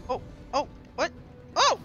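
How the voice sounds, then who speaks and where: A man streaming a game and commenting live, excitable and profane, playfully taunting enemies and talking to his chat. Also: extremely high pitch, slow pace, dull audio, soft background music.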